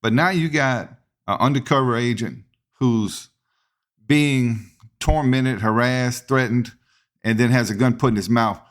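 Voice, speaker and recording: A man hosts a podcast interview and steers it with casual, conversational questions. His voice sits at an ordinary pitch for a man. He talks plainly and informally. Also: a little slow. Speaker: podcast host.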